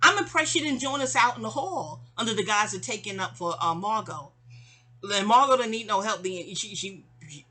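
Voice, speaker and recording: Woman storyteller, chatty and rambling, bright tense voice, acts out the quotes. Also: medium pitch, expressive, moderate pace, slightly rough. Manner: rambling, repeats and restarts words, acts out quotes. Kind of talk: casual storytime monologue.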